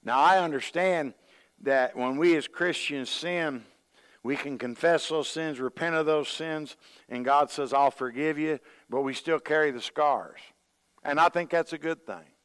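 A man's voice: a little high, unhurried, fairly bright tone, smooth, big-room sound. A man preaching a sermon, folksy and storytelling, acting out the voices he quotes. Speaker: pastor.

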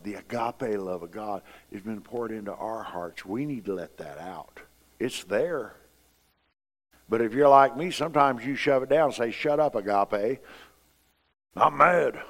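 A man's voice: mid-range voice, long reverb tail. Man preaching a conversational sermon. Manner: conversational, swings from hushed to loud emphatic preaching.

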